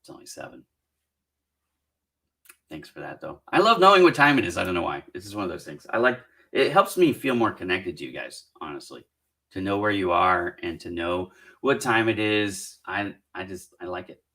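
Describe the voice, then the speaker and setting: Gravelly, bright-toned middle-aged man. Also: low voice, animated, moderate pace. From Southern California. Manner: chatty and encouraging, thinks aloud while reading comments. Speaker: career coach hosting a live Q&A. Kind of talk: casual live-stream Q&A.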